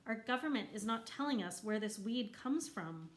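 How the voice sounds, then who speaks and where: Woman doing old weird guy at a town meeting, talks slow and insistent. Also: fairly high pitch, expressive, natural voice.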